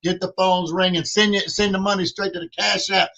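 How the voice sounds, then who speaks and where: A man's voice: high voice, flat delivery, fairly quick, creaky, lo-fi sound, crowd noise. A man, co-hosting a livestream and hyping donations, repeating phrases and calling himself in the third person. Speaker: podcast co-host. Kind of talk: lively livestream fundraising chat.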